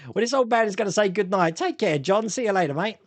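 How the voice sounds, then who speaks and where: Lively, high-voiced man chatting. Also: quick pace, no echo. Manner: chatty, laughs often, reads chat aloud. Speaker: host. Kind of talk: casual live-stream chat reading viewer comments.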